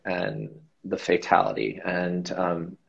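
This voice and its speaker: A man from the United States, a guest in an interview, telling a personal story in a reflective, halting way with many fillers. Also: low-pitched, sing-song, gravelly. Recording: dull lo-fi sound.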